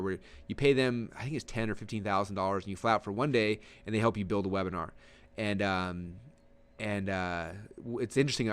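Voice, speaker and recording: A man leads a recorded webinar lesson at a brisk clip. His delivery is emphatic and animated, spilling out in quick, conversational bursts with plenty of restarts. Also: lowish voice, clean tone. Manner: energetic and emphatic, sitting forward and gesturing; conversational with frequent fillers and restarts. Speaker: online marketing instructor.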